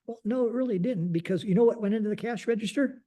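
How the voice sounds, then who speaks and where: A man's voice: sits high, fast talker, warm tone. An older man, a retired general, telling a long story as a podcast guest in a rambling, casual way, often saying "you know" and "like this".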